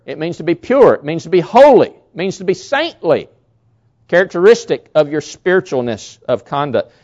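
A male pastor preaching a sermon with emphasis, repeating key words and swinging between loud lines and hushed ones. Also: fairly high pitch, dull audio.

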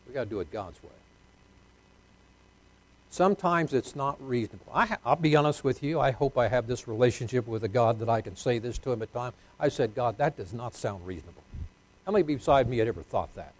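A pastor preaching a folksy sermon, swinging between loud emphatic lines and hushed ones. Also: male voice, mid-range voice, fairly quick.

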